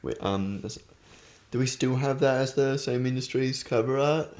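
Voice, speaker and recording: A man's voice: mid-range voice, normal speed, darkish tone. A young man co-hosting a casual chat, laid-back and hesitant, laughing often. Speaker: co-host.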